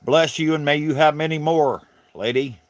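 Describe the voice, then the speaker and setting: A man's voice: a little high, fairly even intonation, moderate pace. A middle-aged man from South Carolina with a Southern accent, chatting casually with viewers on his livestream in a folksy, rambling way. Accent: Southern American. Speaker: livestream host.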